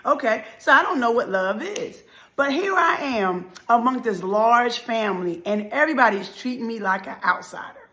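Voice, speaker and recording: A woman giving an emotional motivational talk, telling a dramatic life story that swings from loud, emphatic lines to hushed ones. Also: fairly high pitch, lively intonation, moderate pace. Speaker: motivational speaker.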